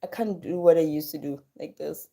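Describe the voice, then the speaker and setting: A woman's voice: low voice, a little fast, vocal fry, warm tone. A woman chatting casually on a live stream about being a mother. She repeats words for emphasis and thanks viewers by name. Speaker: livestream host and mother.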